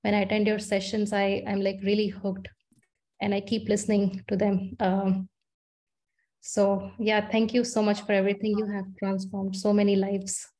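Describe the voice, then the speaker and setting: A woman speaks earnestly on a video call. Her voice is mellow and even, with little rise and fall, and she reflects slowly with hesitant fillers. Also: medium pitch. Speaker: student.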